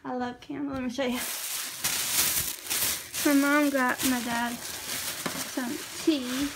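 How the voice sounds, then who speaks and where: High-voiced young woman rambling chattily. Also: flat delivery, takes it slowly, very noisy. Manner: rambling, chatty, filler-heavy. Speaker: vlogger. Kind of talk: casual vlog chat.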